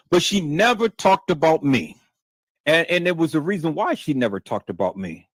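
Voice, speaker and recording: A man hosts his own livestream, his voice sitting a little high and leaping around as he talks. He repeats and restarts words as he presses his point, swearing along the way. The sound is dry and close to the mic. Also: sing-song, moderate pace, no echo. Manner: repetitive, stammering restarts, emphatic and profane. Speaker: livestream host. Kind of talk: heated livestream commentary.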